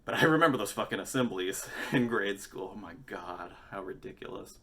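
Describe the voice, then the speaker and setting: Low-voiced man telling a rambling story. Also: lively intonation, brisk, fairly bright tone. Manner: rambling, profane, self-mocking. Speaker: musician and vlogger. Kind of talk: casual storytelling.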